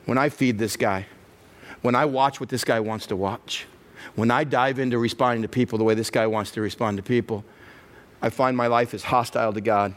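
A middle-aged male pastor delivers a sermon at a medium pitch. He acts out the voices in his head as he speaks and works up to a loud, passionate finish. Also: fairly even intonation, fairly quick.

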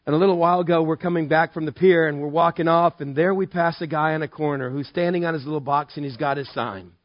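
Man, pastor, sermon, high voice, dry dull sound, animated storytelling. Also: quick pace, dry recording. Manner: storytelling, animated, self-mocking humor.

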